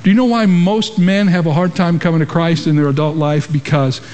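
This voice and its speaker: A man's voice: on the high side, fairly even intonation, a little fast, a little mellow. A man preaching a sermon to a congregation in a large church, using emphatic rhetorical questions. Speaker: pastor. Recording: long reverb of a large hall.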